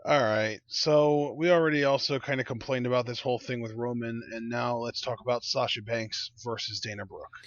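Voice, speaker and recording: A man's voice: mid-range voice, steady tone, normal speed, few pauses, dry recording. A man co-hosting a podcast, leading the segments in casual chat with short, dry remarks. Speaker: podcast co-host. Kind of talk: casual wrestling review chat. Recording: dry, muffled lo-fi mic.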